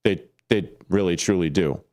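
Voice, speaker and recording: A man's voice: low-pitched, normal speed, a little mellow. A man hosting a local sports radio show, rambling through a casual monologue with frequent self-corrections and jokey asides. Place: radio studio. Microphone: studio microphone.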